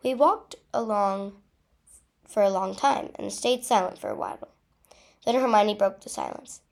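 A woman reading her own first-person adventure story aloud in an unhurried, expressive way. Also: mid-range voice, creaky. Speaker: narrator.

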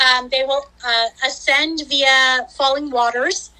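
A woman with a high, bright voice tells a long story as a podcast guest. She talks casually, with plenty of fillers and lively quotes of herself. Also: takes it slowly, rough recording. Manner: chatty, many fillers, acts out her own quotes.

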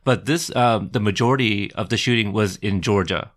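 A man's voice: fairly low pitch, moderate pace, fairly bright tone. A man hosting a podcast, asking his guests casual questions with frequent fillers. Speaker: podcast host. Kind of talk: casual interview.

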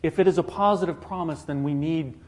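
An earnest man delivers a sermon in a voice that sits a little high for a man. He leans on rhetorical questions and checks in with his listeners. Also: a little fast. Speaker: preacher.

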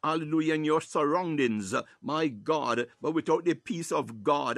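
A man leading a live morning prayer broadcast, preaching fervently with frequent hallelujahs, stretches of speaking in tongues, and psalms recited slowly and loudly. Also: on the high side, dry recording, clean studio sound. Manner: recites psalms slowly, rising to loud exhortation. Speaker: prayer leader.

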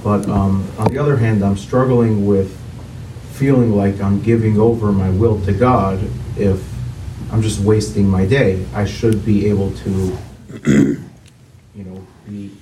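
Hesitant low-voiced man, far off and echoey. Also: steady tone. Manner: hesitant, many pauses and fillers. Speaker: workshop participant. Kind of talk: asking a question at a workshop. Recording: distant echoey room mic with loud noise.

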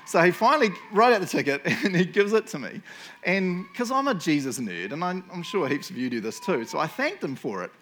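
A man's voice: sits high, sing-song, a little fast, a bit bright, slight background noise. Joking New preacher man. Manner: jokey, self-mocking storyteller who teases the audience. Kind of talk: casual humorous sermon.

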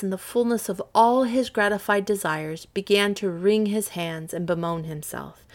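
Woman reading a storybook aloud, expressive, pitch rising and falling a lot, gentle pace. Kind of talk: storybook read-aloud narration.

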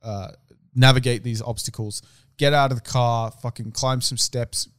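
A man's voice: medium pitch, steady tone, normal speed, a bit bright, dry recording, clean studio sound. A young man co-hosting a casual chat, talking in a loose, slangy way and swearing freely.

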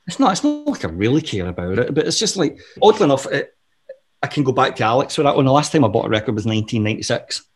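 Profane, animated storyteller man. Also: medium pitch, quick pace, breathy edge. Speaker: interview guest. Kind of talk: casual storytelling interview.

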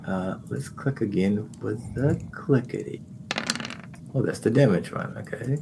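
A man's voice: lowish voice, measured pace, vocal fry, noisy background. A man playing a rogue in a tabletop game, speaking casually and jumping animatedly into bits for his character. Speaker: player.

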